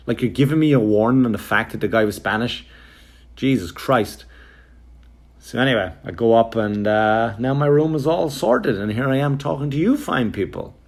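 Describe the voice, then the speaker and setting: A man's voice: mid-range voice, animated, normal speed. A male comedian telling a rambling, exasperated story on a podcast, swearing freely and acting out what others said. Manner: profane, exasperated anecdote telling with quoted voices; rambling, with frequent fillers and restarts.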